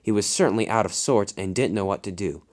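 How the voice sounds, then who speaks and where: A man's voice: on the low side, fast talker, darkish tone. Man narrating a homemade train story. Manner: informal with slips and restarts.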